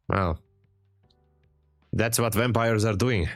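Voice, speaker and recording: A man's voice: fairly low pitch, animated, a little slow, long pauses, no echo, soft background music. A man from Hungary with a Hungarian accent, chatting casually and joking on a trading live stream. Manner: joking, chatty, laughs often. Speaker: livestream trader.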